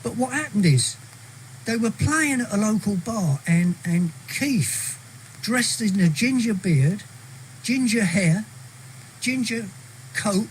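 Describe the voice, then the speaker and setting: English guy spinning a tale on the radio, highish voice, lots of "you know". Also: takes it slowly, a little hiss or hum, rough recording. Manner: chatty, animated, acts out quoted voices. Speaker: storyteller guest. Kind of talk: casual anecdote telling. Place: radio studio. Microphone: studio mic.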